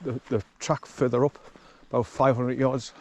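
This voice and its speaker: A man's voice: medium pitch, steady tone, moderate pace, darkish tone, a little hiss or hum. Chatty man walking outdoors. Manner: rambling, chatty, chuckles often. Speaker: vlogger walking his dog. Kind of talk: casual walking vlog commentary. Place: outdoors on a forest track.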